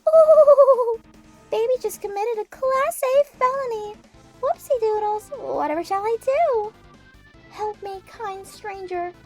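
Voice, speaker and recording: Brief: very high-pitched, cutesy, chaotic anime space-probe girl; comedy audio drama, faint music under. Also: a little slow. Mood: mock distress. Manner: babyish cutesy talk flipping to blunt swearing.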